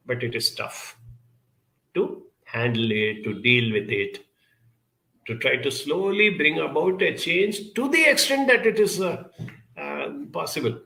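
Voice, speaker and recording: A man giving a measured, earnest self-help talk, pausing often with fillers as he answers viewer questions. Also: medium pitch, gravelly, sharp tone, echoey room, low-quality recording. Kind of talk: reflective talk.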